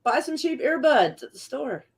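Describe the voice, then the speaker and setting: An American host in a relaxed, casual chat, laid-back and easily amused. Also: sits high, moderate pace, gravelly, rough recording. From United States.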